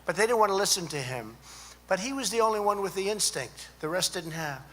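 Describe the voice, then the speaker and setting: Bright-voiced man rambling in a hall. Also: sits high, expressive, brisk. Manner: rambling, repetitive, lots of asides to the crowd. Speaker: speaker at a student conference. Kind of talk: off-the-cuff political speech. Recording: echoey hall with faint hum.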